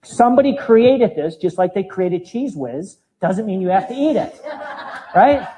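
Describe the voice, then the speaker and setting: A man in his fifties gives a live talk as a fitness trainer, animated and demonstrating moves as he goes. His voice sits high for a man, with a mellow, soft-edged tone. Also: a little slow, a little hiss or hum, low-quality recording. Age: 50s.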